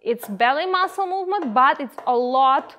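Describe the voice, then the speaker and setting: High-voiced woman coaching a dance class. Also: moderate pace, dull audio, music in the background. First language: Ukrainian. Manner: calm, coaching cues with counting. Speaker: belly dance instructor. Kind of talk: guided dance class instruction.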